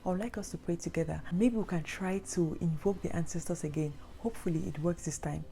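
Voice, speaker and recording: A woman voicing an anxious young man who coaxes his girlfriend in a hushed voice. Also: fairly low pitch, fairly quick, vocal fry, slight background noise. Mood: pleading.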